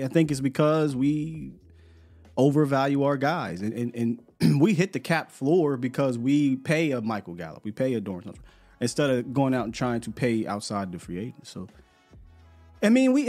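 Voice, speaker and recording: A man's voice: mid-range voice, darkish tone. A man hosting a live podcast in casual chat, laid-back and slangy, often repeating words as he talks. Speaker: podcast host.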